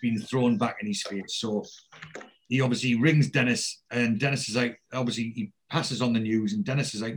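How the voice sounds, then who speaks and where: A man's voice: mid-range voice, fairly even intonation, normal speed. Male podcast host who recaps episodes in a rambling, chatty way, with a mid-range voice. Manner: rambling storyteller with many fillers and restarts. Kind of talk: casual chat retelling a TV episode.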